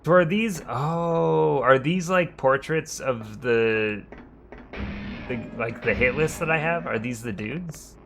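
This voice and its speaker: A man's voice: mid-range voice, slow, vocal fry, a bit bright, faint music behind. A man streaming a video game, commentating casually and joking with frequent swearing. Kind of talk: let's-play commentary.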